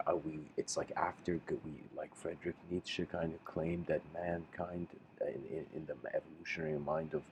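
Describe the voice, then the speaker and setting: A man giving a livestreamed spiritual lecture, musing and halting, often restarting his sentences. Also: extremely low pitch, darkish tone, a little hiss or hum, rough recording.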